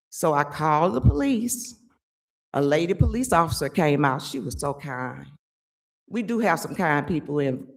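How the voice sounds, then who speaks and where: An older woman giving an angry, emphatic public comment at a village board meeting, often pausing to ask "okay?". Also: low voice. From Chicago area.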